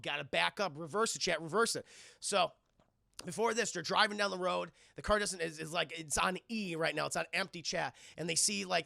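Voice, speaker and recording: Gravelly, bright-voiced male streamer. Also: high-pitched, no echo, clean studio sound. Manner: rambling, profane, mocking. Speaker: streamer reviewing a film. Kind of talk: casual profane film recap to live chat.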